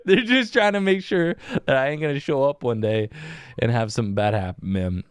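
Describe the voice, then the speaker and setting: A man's voice: mid-range voice, fairly quick, smooth, no echo, clean studio sound. A young man hosting a casual solo podcast, rambling, laughing often and calling his listeners "dude". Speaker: podcast host. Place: small windowless indoor room.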